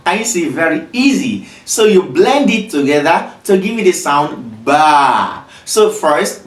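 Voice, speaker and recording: A patient teacher walks beginners through letter sounds at an unhurried pace, saying each sound again and again. The voice moves up and down lively. It is heard from a little distance in an echoey room. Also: medium pitch. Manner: patient, repeats each sound many times. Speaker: Arabic teacher. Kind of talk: slow beginner lesson with repeated sounds. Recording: roomy echo, voice away from mic.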